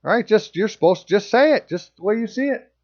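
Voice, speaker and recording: A man's voice: sits high, expressive, a little fast, lo-fi sound. A man reading passages aloud and commenting on them in casual, sarcastic asides as a channel host.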